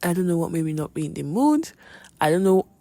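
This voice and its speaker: A young woman hosts her podcast, telling a personal testimony in a candid, emotional way with dramatic asides. Her voice sits fairly low for a woman and sounds close and dry, with no room echo. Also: big pitch swings, fast talker, creaky, mellow. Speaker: podcast host.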